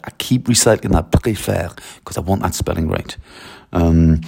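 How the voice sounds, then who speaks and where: A man's voice: sits low, normal speed, vocal fry, dark tone, husky. A man who teaches French, explaining his methods in a chatty, enthusiastic way and reading French example sentences aloud. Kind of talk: casual explanation to camera.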